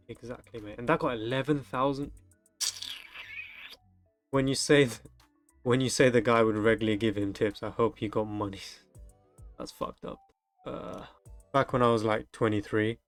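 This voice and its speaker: This young streamer reads delivery-driver tales from the internet and interjects crude jokes along the way. His mid-range voice comes through with no echo.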